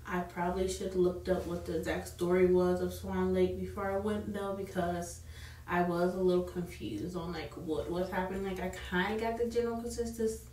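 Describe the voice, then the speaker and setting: A woman's voice: lowish voice, fairly even intonation, moderate pace, mellow, echoey room, recorded from a distance, a little hiss or hum. Chatty young woman vlogging at home. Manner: rambling, filler-heavy, chatty. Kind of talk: casual vlog chat to camera. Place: at home after an evening out.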